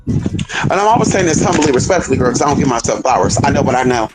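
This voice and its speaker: Brief: flamboyant man, rapid and animated, sassy storytelling vlog. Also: over loud music, rough recording. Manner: flamboyant, sassy, very expressive, swings into high voices for quoted people. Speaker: spiritual practitioner and vlogger. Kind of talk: casual storytelling monologue.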